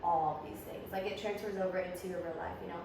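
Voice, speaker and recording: A young woman co-hosting a podcast, speaking frankly and profanely with halting, filler-heavy phrasing. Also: lowish voice, fairly even intonation, noisy background. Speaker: podcast co-host. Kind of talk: casual chat. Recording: echoey room, mic far off.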